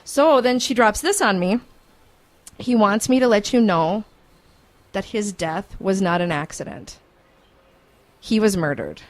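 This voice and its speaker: A woman hosting a morning radio show, telling a story in an animated, chatty way. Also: mid-range voice, a little slow, pauses often. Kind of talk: casual radio chat, storytelling. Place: radio studio.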